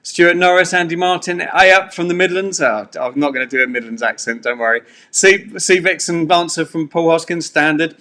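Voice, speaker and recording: A man's voice: a little high, lively intonation, normal speed, bright, forceful tone. A man, hosting a live-streamed pub quiz from a bedroom at home in a chatty, rambling way full of fillers. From England. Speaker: quiz host.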